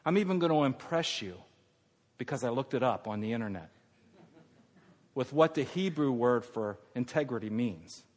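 A man's voice: mid-range voice, animated, normal speed, pauses often. Older male pastor preaching in a reverberant hall. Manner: swings from hushed tender lines to loud emphatic preaching. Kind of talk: sermon. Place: church sanctuary. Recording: long reverb of a church hall.

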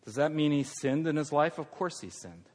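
An older man preaching a sermon as pastor, moving from hushed, tender lines to loud, emphatic ones. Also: fairly high pitch, animated, moderate pace. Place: church sanctuary. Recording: long reverb of a church hall.

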